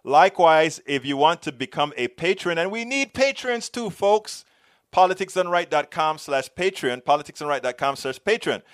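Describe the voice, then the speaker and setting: On his political show's live stream, a middle-aged man from Panama reads out viewer comments in an animated, fairly high, slightly bright voice at a moderate pace. His Panamanian accent comes through as he rambles, stumbling and restarting often.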